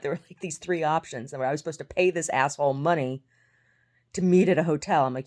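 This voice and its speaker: Low-voiced blunt American woman. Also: fast talker, darkish tone. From United States. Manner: blunt, sarcastic, swears, laughs often; repeats words and restarts often. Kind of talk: casual storytelling monologue.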